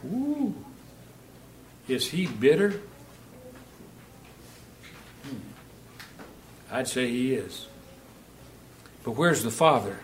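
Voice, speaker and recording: A man preaching a sermon in a church, shifting between loud, emphatic Bible reading and quiet, direct questions to the congregation. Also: mid-range voice, expressive, drawn-out words, pauses often, slight background noise.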